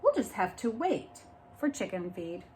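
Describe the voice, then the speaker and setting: A woman's voice: medium pitch, very animated, unhurried, a little mellow. Woman doing a worried mother hen.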